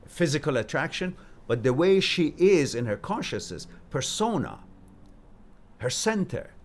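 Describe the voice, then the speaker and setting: A man hosting a live stream, telling stories and giving advice in a casual, animated way, jumping from loud emphasis to quiet asides. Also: mid-range voice.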